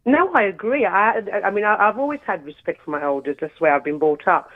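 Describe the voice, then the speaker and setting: A chatty British woman calls in over a tinny phone line, her voice roughened by a sore throat. She talks in a friendly way at an average pitch. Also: quick pace. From United Kingdom. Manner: chatty, friendly, laughing often. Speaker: caller. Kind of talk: phone call-in chat.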